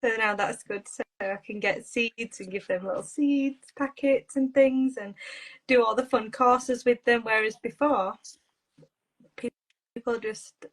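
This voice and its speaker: A woman's voice: on the high side, fairly even intonation, unhurried, poor audio. A woman being interviewed as a podcast guest, talking in a bubbly way and laughing often. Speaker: podcast guest, garden designer. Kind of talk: casual chat.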